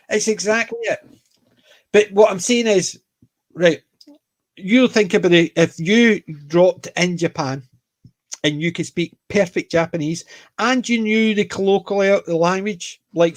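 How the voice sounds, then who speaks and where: A Scottish man co-hosts a laid-back panel podcast, his voice high and unhurried. He rambles and jokes, packing the chat with anecdotes.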